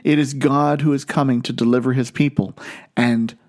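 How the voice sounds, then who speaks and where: A man preaching a sermon in an earnest way, slowing down and lifting his voice on key phrases. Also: mid-range voice, fairly even intonation, a little mellow. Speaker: pastor.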